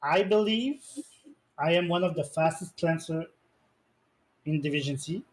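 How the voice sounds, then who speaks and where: Higher-voiced man, casual interview answers. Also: a little slow, poor audio. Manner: rambling, searches for English words. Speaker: esports player being interviewed.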